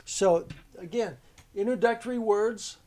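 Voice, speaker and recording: Guy teaching commas with a hiking story, kinda high voice, chatty and rambling. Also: unhurried, darkish tone. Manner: storytelling teacher, loose and conversational, with many restarts. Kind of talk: homeschool grammar lesson.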